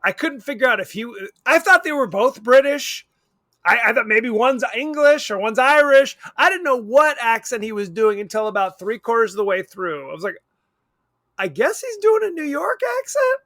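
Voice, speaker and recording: A man with a very high, sharp-toned voice talks at a moderate pace, with no room sound in the recording. He co-hosts a podcast and chats casually about a movie, rambling wryly and often correcting himself.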